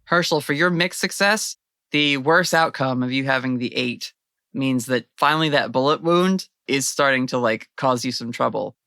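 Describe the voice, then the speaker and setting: Bright-voiced woman game master. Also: very deep voice, normal speed, dry recording, studio quality. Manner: casual, giggly narration. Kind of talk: narrating a tabletop role-playing game.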